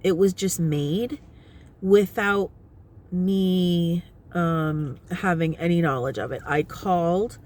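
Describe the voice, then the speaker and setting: A woman's voice: fairly low pitch, slow pace, darkish tone. A middle-aged woman vlogging casually from her car, chatty and often laughing as she explains at length. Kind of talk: casual talking-head vlog. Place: inside her parked car. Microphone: phone propped on the steering wheel.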